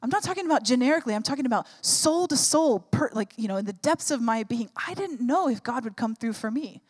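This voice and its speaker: A woman's voice: on the high side, animated, quick pace, husky. A woman in her thirties, a pastor preaching a sermon, telling a personal story and building to fervent exhortation.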